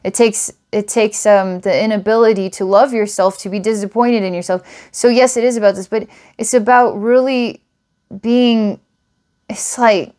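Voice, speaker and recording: A woman's voice: medium pitch, steady tone, moderate pace, warm tone. A woman giving a recorded psychic reading to a client, talking in an earnest, rambling way, restarting often and laughing now and then. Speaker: psychic reader.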